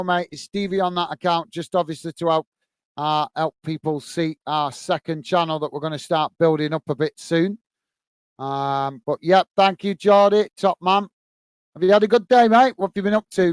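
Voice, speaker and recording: A man's voice: high-pitched, steady tone, normal speed, clear, resonant tone, no echo. A man with a British accent hosting a football watch-along, calling the play and chatting with viewers by name, with frequent "uh" fillers. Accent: British English. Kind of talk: live football commentary and chat reading.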